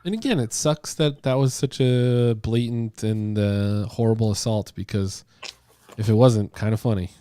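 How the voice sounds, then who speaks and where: Man, low mellow voice, dry sound, easygoing panel chat. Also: normal speed, clear, resonant tone, dry recording. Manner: easygoing, laughs often. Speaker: co-host.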